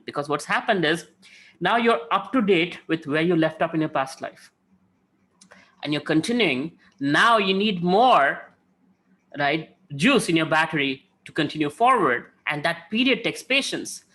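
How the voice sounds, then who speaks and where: A man speaking on spiritual themes, his voice pitched a little high and ringing bright. He talks casually and tells stories, tossing in "right?" to keep listeners with him. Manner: conversational, frequent "right?" tags, acts out quotes. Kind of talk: devotional talk with storytelling.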